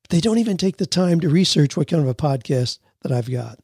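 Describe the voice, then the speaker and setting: A man's voice: a little high, expressive, fairly quick, vocal fry, few pauses, a little mellow, husky, dry recording, studio quality. A man hosting his own solo advice podcast, talking in a folksy, earnest way as he answers listener questions and gives step-by-step tips. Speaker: podcast host.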